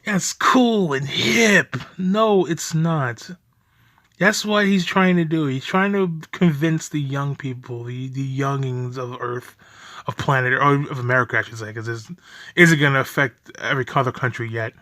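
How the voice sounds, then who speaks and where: A man's voice: medium pitch, steady tone, normal speed, a bit bright, no echo, studio quality. A young man giving angry reaction commentary on a video, ranting profanely and laughing bitterly as he talks.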